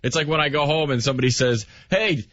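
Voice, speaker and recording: A man's voice: medium pitch, racing, no room sound. A male radio host telling a story in casual banter, acting out the lines he quotes. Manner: animated storytelling, acts out quotes. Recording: dry, slightly dull radio studio mic.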